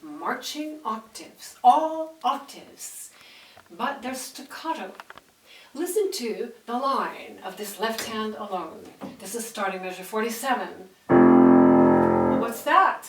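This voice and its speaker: Woman piano teacher, slow deliberate speech, roomy echo, mic set back. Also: a little high, expressive, fairly bright tone, recorded from a distance. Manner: explains music and sings out rhythms. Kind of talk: piano lesson.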